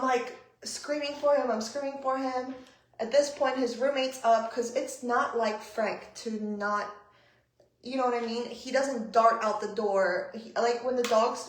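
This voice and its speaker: A young woman tells a storytime vlog in a fairly high voice, animated and full of swearing. She acts out both sides of the exchange. Her voice rings in an echoey room. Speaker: vlogger.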